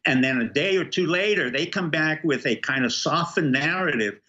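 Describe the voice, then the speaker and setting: A man's voice: on the high side, animated, moderate pace, bright, forceful tone, highs cut off. A middle-aged man, a guest on a political talk show, speaking emphatically and firing off rhetorical questions. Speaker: guest commentator.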